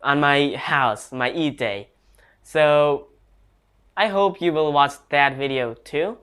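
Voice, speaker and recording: A man's voice: on the high side, a bit bright, clear, resonant tone. A man giving a casual online English lesson, speaking hesitantly with restarts and non-native grammar. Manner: slow, hesitant talk with restarts. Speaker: English teacher.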